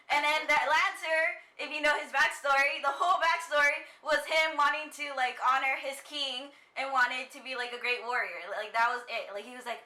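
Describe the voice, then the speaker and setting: Bright-voiced young woman, echoey room. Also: high voice, fairly quick. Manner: chatty, fillers, excitable retelling. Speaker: co-host. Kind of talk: casual chat.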